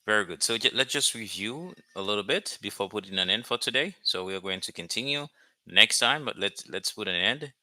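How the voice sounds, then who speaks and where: A man teaching a language lesson, repeating phrases slowly and checking in with "okay?" after each point. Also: lowish voice, lively intonation, pushed and bright, dry recording. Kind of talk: slow explanatory lesson.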